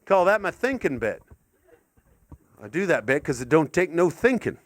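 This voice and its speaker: Middle-aged guy doing rambling standup, high voice that jumps all over, swears a lot. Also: moderate pace. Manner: excitable and sweary, with sudden yelps. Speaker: stand-up comedian.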